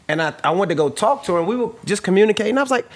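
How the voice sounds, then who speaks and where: A man's voice: high voice, animated, very fast. A man telling a story on a casual podcast, acting out dialogue and swearing freely.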